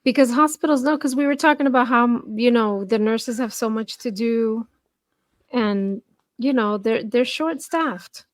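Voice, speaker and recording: A woman's voice: on the high side, unhurried, no echo. Matter-of-fact woman in dry close sound. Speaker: nurse and podcast co-host. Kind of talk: casual podcast chat.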